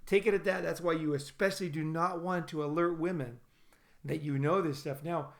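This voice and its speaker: A man's voice: fairly high pitch, steady tone, a little fast, creaky. A man hosting a casual podcast chat, rambling and often repeating and restarting his words. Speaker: podcast host.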